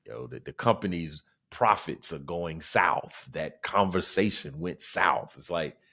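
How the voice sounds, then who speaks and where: Southern comic dude in his 40s, low voice, slangy and animated, just riffing on his podcast. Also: a little slow. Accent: South Carolina, Southern US. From South Carolina, US. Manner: animated, slangy, repeats phrases. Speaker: podcast host, stand-up comedian. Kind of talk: casual podcast monologue.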